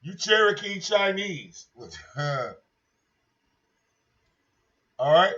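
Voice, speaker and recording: A man's voice: high-pitched, normal speed, fairly bright tone. A man hosting a casual livestream, talking in a brash, profane, mocking way and repeating himself. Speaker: livestream host. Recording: dull lo-fi stream audio.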